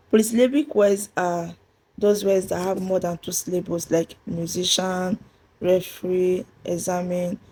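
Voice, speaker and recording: A woman's voice: on the low side, mellow, breathy edge. A woman with a Nigerian English accent giving an English pronunciation lesson, methodically spelling out letters and repeating key points. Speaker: English teacher. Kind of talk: classroom-style pronunciation lesson.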